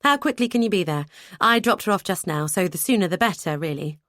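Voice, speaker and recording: A woman's voice: fairly low pitch, lively intonation, brisk, a bit bright, dry recording, studio quality. A woman voicing a brusque, dutiful adult brother who talks bluntly and matter-of-factly in an audiobook. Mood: curt.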